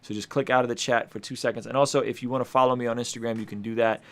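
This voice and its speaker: A man's voice: medium pitch, steady tone, rapid-fire. A man hosting a casual music review stream, talking in a hyped, slangy way to his chat. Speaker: music reviewer and show host. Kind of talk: casual livestream commentary. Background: hip hop beats playing.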